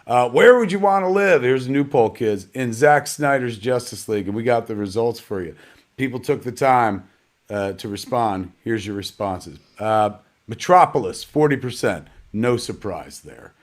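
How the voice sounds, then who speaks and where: A man's voice: medium pitch, expressive, moderate pace. A man hosting a live online premiere in a casual, rambling way, joking about himself and cursing now and then. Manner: rambling, joking, self-mocking, salty language. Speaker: host of a live digital premiere.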